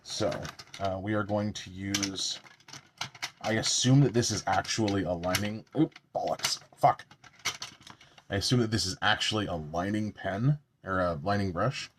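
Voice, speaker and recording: A man's voice: sits low, noisy background. A man chatting casually at home while doing his makeup on a live stream, joking about himself and swearing now and then.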